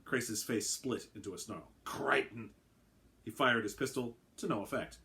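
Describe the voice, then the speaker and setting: A man narrating his own story aloud in a brisk, wry way. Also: mid-range voice, creaky, bright, forceful tone.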